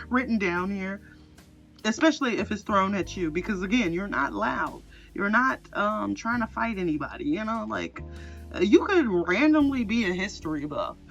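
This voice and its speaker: A woman does a casual pick-a-card tarot reading, chatty and rambling, with lots of laughter. Her medium-pitched voice is a bit bright, lively in intonation, and at normal speed. The lo-fi audio is slightly dull, with faint music underneath.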